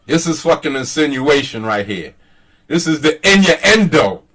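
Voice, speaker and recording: Man ranting heatedly, high-pitched and profane. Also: sing-song, moderate pace, a bit bright, reverberant, recorded from a distance. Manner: profane, emphatic, argumentative. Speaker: channel host. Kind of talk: heated casual rant.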